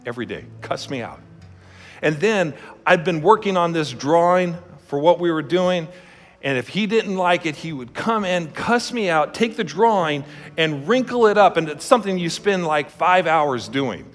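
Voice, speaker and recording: A man's voice: on the high side, animated, normal speed. A man preaching a sermon as a pastor, telling a personal story in a conversational, emphatic way. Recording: long hall reverb with faint music.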